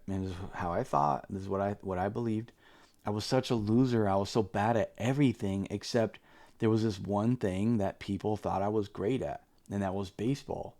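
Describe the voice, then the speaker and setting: Here a man reviews a book casually and candidly in a fairly low, dark voice. He meanders, stumbling over fillers and restarts, and turns earnest and emphatic when pressing viewers.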